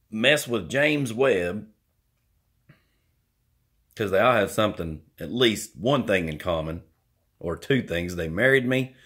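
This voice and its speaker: A middle-aged man talks straight to the camera in a rambling, self-mocking vlog monologue full of folksy country slang. He takes his time, and his voice swings widely, now and then leaping into squeaky, whiny complaints. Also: a bit bright. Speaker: vlogger.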